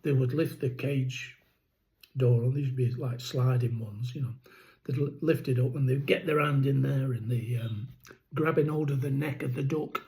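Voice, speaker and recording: This poultry keeper vlogger talks chickens in a rambling, casual video, full of ums and restarts, with a rattle in his throat. His mid-range voice moves at a moderate pace and has a dark tone. The audio is poor.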